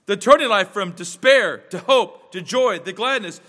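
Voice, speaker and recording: A man preaching a sermon as pastor, with emphatic rhetorical questions and quick asides. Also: high voice, expressive, pushed and bright, in a large hall.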